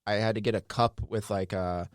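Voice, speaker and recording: A man's voice: lowish voice, fairly even intonation, brisk, no echo, studio quality. A man co-hosting a casual comedic podcast, rambling through stories and laughing often. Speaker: podcast co-host.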